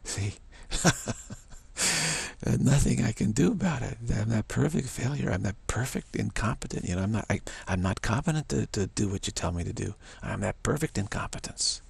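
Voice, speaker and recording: A man's voice: on the low side, lively intonation, moderate pace, gravelly, darkish tone, breathy edge, dry recording. A man giving a spiritual monologue, repeating affirmations over and over and dropping to whispers. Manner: repetitive affirmations, drops to whispers. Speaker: spiritual teacher.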